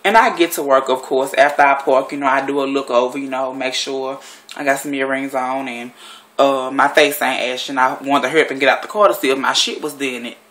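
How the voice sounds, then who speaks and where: A woman's voice: a bass voice, fairly even intonation, brisk, fairly bright tone. A woman vlogger telling a story in a blunt, profane and rambling way, sitting at home. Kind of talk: casual storytelling monologue.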